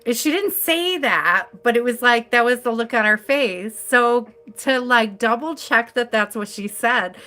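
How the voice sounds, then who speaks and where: A woman's voice: fairly high pitch, expressive, measured pace, hardly any pauses, bright, forceful tone. A woman hosting a live tarot stream, chatting casually and telling stories with frequent laughter. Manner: chatty storyteller, laughs often.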